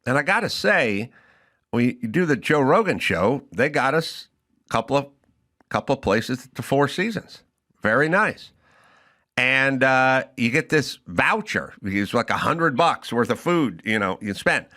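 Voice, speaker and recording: A man's voice: mid-range voice, sing-song, a little slow, sharp tone. A man hosting a talk show, ranting with profanity and exasperation in a comedic way. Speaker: podcast host. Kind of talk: comedic rant.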